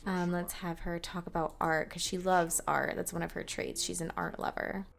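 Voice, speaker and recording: A woman's voice: fairly low pitch, little pitch movement, moderate pace, creaky. A woman hosting a let's play, chatting casually as she narrates her game with fillers and small laughs. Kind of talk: casual gameplay commentary. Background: game music.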